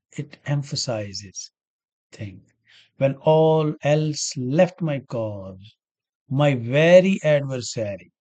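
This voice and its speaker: A man's voice: mid-range voice, a little mellow. Man teaching grammar, asking himself questions. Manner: repeats key words and asks himself questions. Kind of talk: explaining grammar examples step by step.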